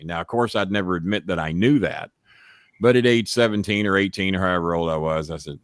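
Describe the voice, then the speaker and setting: A middle-aged man telling a story in casual chat, profane and animated. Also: deep voice, a little fast, dry recording, clean studio sound. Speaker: storyteller and show host.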